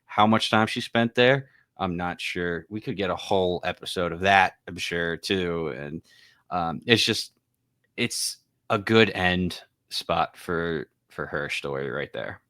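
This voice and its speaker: A man's voice: deep voice, unhurried, bright, forceful tone, clear, resonant tone, dry recording, clean studio sound. A man co-hosting a podcast, thoughtfully recapping scenes and quoting dialogue in a casual way. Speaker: podcast co-host.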